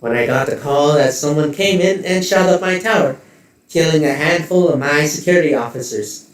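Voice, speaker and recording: A man's voice: a little high, heavy reverb, recorded from a distance, pitched above the performer's own voice, natural voice. A man putting on a smiling, icy woman executive. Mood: cool, pointed. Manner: polite, measured, coolly threatening. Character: poised, smiling female corporate executive, quietly menacing.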